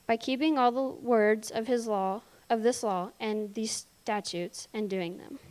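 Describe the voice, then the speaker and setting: A woman's voice: a little high, darkish tone. Woman reading scripture aloud, careful. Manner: careful reading with small stumbles. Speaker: scripture reader.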